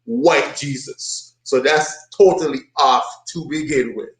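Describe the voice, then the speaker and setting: A man's voice: unhurried, a little hiss or hum. Emphatic preaching man in an echoey room. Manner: emphatic, mocking, repeats points with rising pitch. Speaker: bible study teacher. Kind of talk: preaching commentary on a played video.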